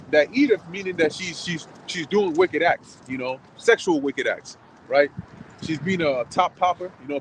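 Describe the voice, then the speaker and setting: A man in a casual church discussion, telling animated, slangy stories with rough language. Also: a little high, noisy background. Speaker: church group member.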